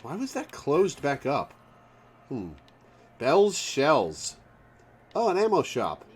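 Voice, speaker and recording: A man's voice: a little high, huge pitch swings, takes it slowly, breathy edge. A man streaming a game, reacting aloud with wry asides. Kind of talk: live game commentary.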